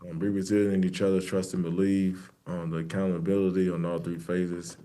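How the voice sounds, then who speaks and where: A man in his thirties, a football player giving a casual interview in a soft-spoken, laid-back way with many fillers. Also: low-pitched, level tone, a little fast.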